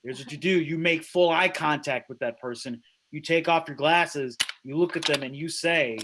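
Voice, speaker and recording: A slightly high voice with a fairly bright tone, at a moderate pace, belongs to a man hosting an open mic via video call. The comedian riffs and rambles through self-deprecating bits from a small room at home.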